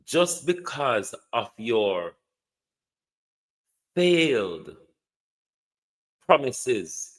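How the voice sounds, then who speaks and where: A man's voice: medium pitch, very animated, drawn-out words, pauses often, rough recording. A Jamaican man hosting a livestream, delivering a scornful, emphatic political rant and repeating his insults. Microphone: streaming setup.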